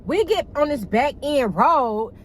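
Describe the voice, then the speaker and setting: Chatty young woman with a higher voice. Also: unhurried, a little hiss or hum, rough recording. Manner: chatty, animated, frequent cussing, keeps addressing viewers as y'all. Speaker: vlogger. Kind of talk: casual storytime monologue.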